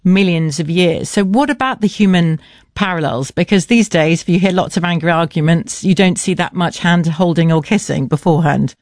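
Low-voiced woman interviewer asking questions. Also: normal speed, a little mellow, no room sound, clean studio sound.

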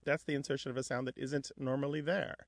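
A man's voice: medium pitch, flat delivery, fast, dry recording. A man co-hosting a radio talk show, explaining language points in a lecturing way. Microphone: studio microphone.

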